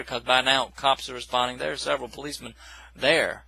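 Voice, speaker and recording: A man's voice: medium pitch, steady tone, quick pace, creaky, bright, forceful tone, no echo, rough recording. A man casually recapping a film plot in a rambling, self-correcting way, with dismissive asides. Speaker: movie reviewer.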